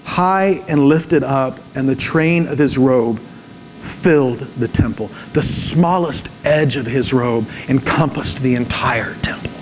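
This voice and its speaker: A male pastor preaching a sermon, dramatic, moving between hushed lines and emphatic repeated words, often checking in with the listeners. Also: medium pitch, slow pace, noisy background. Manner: dramatic, swings from hushed to emphatic when reading scripture; repeats words for emphasis, asks the audience "right?".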